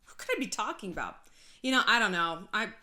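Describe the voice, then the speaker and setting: Lively, chatty woman dishing gossip. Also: medium pitch, quick pace. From California. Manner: chatty, sarcastic, often laughing; frequent swearing. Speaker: YouTube host. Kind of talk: casual gossip commentary.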